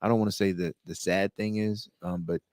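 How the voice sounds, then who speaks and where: Low-voiced laid-back male podcast host. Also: steady tone, fairly quick, a little mellow, no echo, clean studio sound. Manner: rambling, ends phrases with "man", many restarts. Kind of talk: casual podcast chat.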